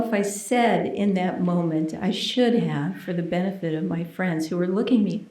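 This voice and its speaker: A woman minister giving a sermon as a personal testimony. She tells it in an earnest, intimate way and sometimes drops to a hushed near-whisper. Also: fairly low pitch, moderate pace, noisy background. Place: church sanctuary. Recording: roomy, echoey sound.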